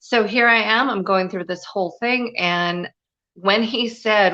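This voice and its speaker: Earnest bright-voiced woman storyteller. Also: mid-range voice, a little slow, lo-fi sound. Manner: earnest, confiding, frequent "you know" fillers. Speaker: guest, spiritual and business mentor. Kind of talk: personal storytelling in a live interview.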